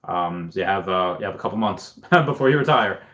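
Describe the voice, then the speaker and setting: A man hosting a casual livestream, reading chat comments aloud and thinking out loud in a rambling way. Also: deep voice, expressive, a little fast. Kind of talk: casual live-stream chat.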